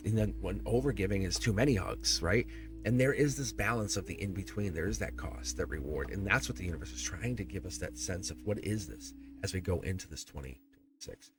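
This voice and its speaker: A middle-aged man hosting a live tarot stream, rambling and animated, laughing often as he talks. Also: sits low, a little fast, music in the background.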